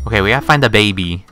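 A woman's voice: a bass voice, sharp tone, slight background noise. A young woman casually commenting on her gameplay in a giggly, playful, exclaiming way. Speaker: gaming video host.

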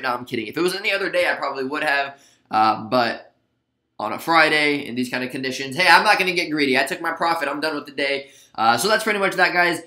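A man hosting a casual trading recap, chatty and relaxed, with lots of fillers and asides. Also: medium pitch, reverberant. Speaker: stock trading video host. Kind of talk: casual screen-share trade recap.

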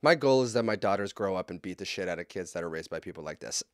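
A man hosting a podcast, ranting bluntly and profanely with heated swings into loud outbursts. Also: low-pitched, expressive, quick pace, hardly any pauses, no room sound, clean studio sound. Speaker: podcast host. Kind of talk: casual podcast rant.

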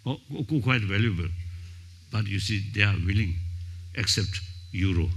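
Older man, halting panel speaker. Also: lowish voice, fairly bright tone, breathy edge. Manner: halting, searching for words, frequent "you see". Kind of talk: panel talk. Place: conference hall.

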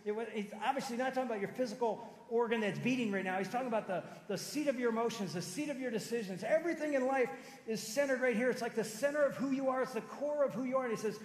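A middle-aged man preaching a sermon, telling personal stories, moving from loud emphatic lines to soft low ones. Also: fast talker, hardly any pauses. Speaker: pastor. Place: large church sanctuary. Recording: roomy hall reverb.

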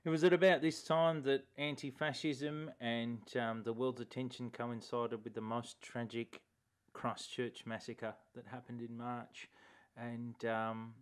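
An Australian man hosting a comic year-in-review vlog, talking in a sardonic, profane, deadpan way. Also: mid-range voice, unhurried, clear, resonant tone. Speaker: activist vlogger and host.

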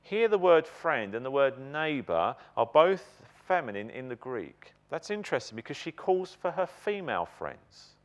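A man preaching a sermon in a church, emphatic and animated, putting questions to the congregation. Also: medium pitch, normal speed, hardly any pauses.

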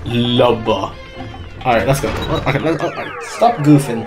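A man's voice: mid-range voice, sing-song, brisk. A young man streaming a video game, chatting casually and laughing with a friend while fussing over audio levels. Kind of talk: casual gaming chat. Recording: game music playing under the voice. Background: game music.

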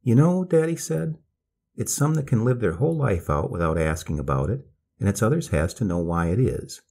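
A man voicing a soft-spoken, drawling male escaped convict, polite and slow. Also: lowish voice, big pitch swings, creaky, exaggerated voice. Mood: calm polite.

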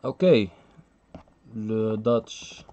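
A man's voice: fairly low pitch, very slow, warm tone, muffled recording, a little hiss or hum. A man commentating live chess on a stream, chatty and thinking aloud, laughing often and reading out the chat.

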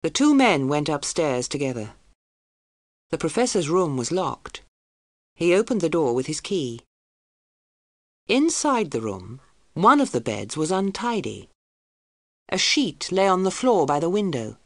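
Low-voiced woman reading a story. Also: no echo, clean studio sound. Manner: slow, clear and expressive. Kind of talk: scripted story narration for English learners.

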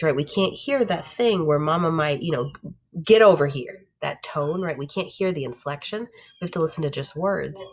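A woman's voice: low-pitched, breathy edge. A woman teacher giving a recorded lesson to her students, often checking in with "right?" and "okay?".

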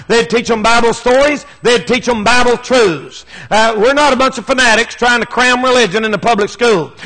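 A male preacher with a very high, bright and forceful voice. He preaches a fervent, emphatic sermon, driving his points home through repetition. His speech is folksy and plain, and he often rises to shouts. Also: poor audio.

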